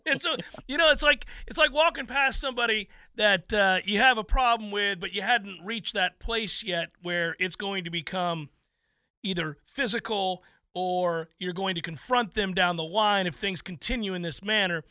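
A man hosting a sports talk show, telling stories in an animated, theatrical way. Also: high voice, normal speed, clean tone, dry recording. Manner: animated, theatrical storytelling with laughs. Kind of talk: casual chat.

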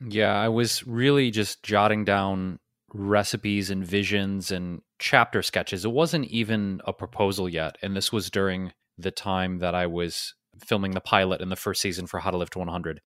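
Low-voiced man telling a story. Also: normal speed, no echo, studio quality. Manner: relaxed, rambling, many fillers. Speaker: podcast co-host. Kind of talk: casual storytelling.

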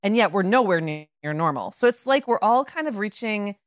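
Woman co-host, middle-aged, slightly croaky, dry close mic, casual rambling delivery. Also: medium pitch, lively intonation, normal speed, no echo. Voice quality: croaky in the morning. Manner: rambling, searches for words. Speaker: podcast co-host. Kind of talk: casual podcast chat.

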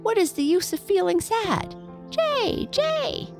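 Woman doing a shrill cocky blue jay. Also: very animated, slow, vocal fry, faint music behind, exaggerated voice. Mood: carefree. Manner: shrill, jaunty. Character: brash chattering male blue jay.

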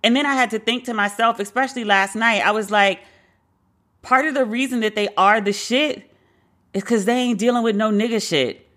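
A woman from Brooklyn with a New York accent tells a frank personal story to her audience. Her voice is bright and forceful, and her delivery is blunt and full of swearing. She slips into the other people's lines as she retells them. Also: a little high, normal speed. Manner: blunt, profane, acts out quoted dialogue.

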